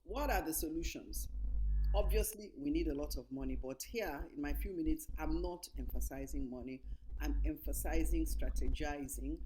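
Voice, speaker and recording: A woman's voice: low-pitched, moderate pace, warm tone, faint music behind, low-quality recording. A middle-aged woman from Nigeria gives an emphatic conference talk over slides, repeating her key points. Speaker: conference speaker.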